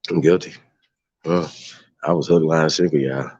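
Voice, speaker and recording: A man's voice: a bass voice, steady tone, moderate pace, darkish tone, slightly rough, no echo, lo-fi sound. A man hosting a casual livestream, mocking and profane, laughing often. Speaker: host.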